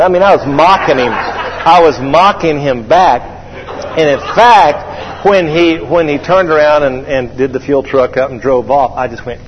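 A man preaching a sermon, telling a folksy personal story with animated delivery and drawing call-and-response from the congregation. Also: on the high side, moderate pace, big-room sound, dull audio, a little hiss or hum.

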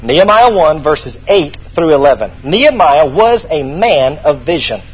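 High-voiced, husky preacher, lo-fi sound. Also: male voice, very animated, normal speed. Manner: emphatic preaching, repeats key points for note-taking. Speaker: pastor. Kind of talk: sermon.

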